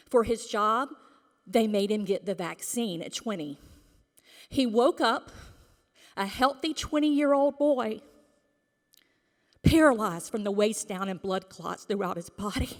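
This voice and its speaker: A woman speaks slowly and deliberately into a podium microphone at a school board meeting, her comment emphatic and indignant, at times sinking to a whisper. Her voice carries a long reverb from the meeting hall. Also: medium pitch. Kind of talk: impassioned public comment.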